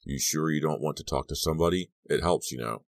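Deep-voiced man reading a calm principal guy, measured and dry, very low voice. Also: vocal fry, no echo. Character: calm middle-aged male school principal.

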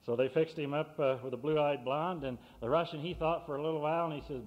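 Halting folksy man in a reverberant hall. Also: on the high side, lo-fi sound. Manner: halting, many filler sounds. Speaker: meeting emcee introducing a speaker. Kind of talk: folksy joke telling at a public meeting. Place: meeting hall.

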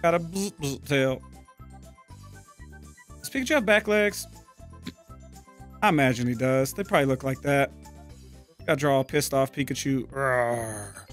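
A man's voice: medium pitch, normal speed, pauses often, soft background music. A man hosting a casual gaming video, swearing freely and talking himself through a drawing as he goes. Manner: profane, narrates his drawing out loud.

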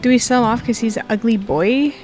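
A young woman chats and jokes to herself while she plays, in a slightly high voice. Faint music plays under her commentary. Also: brisk, a little mellow. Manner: chatty, joking, talks to herself. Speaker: gaming video creator. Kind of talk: casual gameplay commentary.

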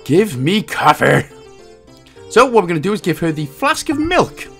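A man narrating a game walkthrough, joking around and slipping into silly high voices. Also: very animated, quick pace. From Wales. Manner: bursts into silly high-pitched voices and laughs at own jokes. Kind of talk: jokey game walkthrough commentary. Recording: faint game music underneath.

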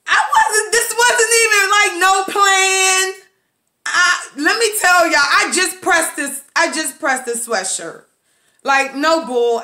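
A woman hosting her own podcast, talking in an emotional, nervous, excitable way and calling listeners baby and boo. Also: high voice. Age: adult with children. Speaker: podcast host. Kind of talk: casual motivational talk. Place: Maryland, USA.

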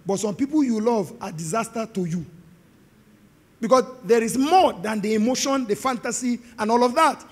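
A middle-aged man with a Nigerian accent, preaching an animated, joking sermon to a live congregation. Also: extremely high pitch, normal speed. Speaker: pastor. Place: large hall with live congregation. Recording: long hall reverb.

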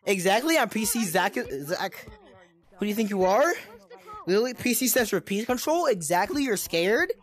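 A woman's voice: medium pitch, animated, moderate pace. Young woman trash-talking in a game. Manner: taunting, repetitive mock-tough insults. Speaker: gameplay streamer.

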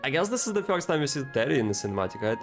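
An excitable man reacting out loud to an animated cinematic in casual commentary. His pitch sits in the middle range, and his speech is halting and full of repeated words. Faint music plays underneath. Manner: excitable, emotional, talks to viewers; halting, repeats words, non-native phrasing. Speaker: anime reaction video host.

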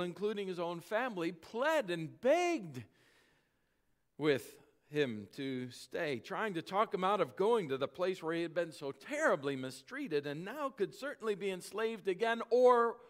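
A male pastor preaching a sermon, telling a story with dramatic slowing and volume that sinks at phrase ends. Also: high-pitched, animated.

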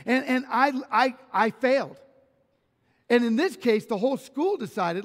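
A man's voice: very high voice, expressive, a little slow, in a large hall. A man pastor delivering a sermon, telling personal stories animatedly with self-deprecating humor and frequent restarts. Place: church sanctuary.

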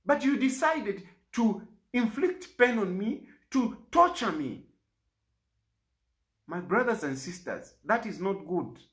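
A man's voice: high voice, very animated, takes it slowly, fairly bright tone. A Zambian man, an opposition politician, making an impassioned public statement in an aggrieved, pleading way and repeating lines for emphasis.

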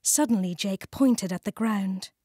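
A British woman narrating a children's storybook, warm and clearly enunciated. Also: medium pitch, dry recording, studio quality. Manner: warm, slow, clearly enunciated, sing-song. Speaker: audiobook narrator.

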